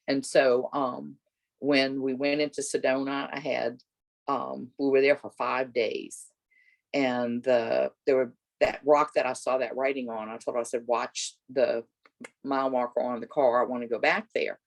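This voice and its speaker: A middle-aged woman, an interview guest, telling a personal story and acting out the voices of people in it with big jumps in pitch. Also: steady tone, normal speed, creaky.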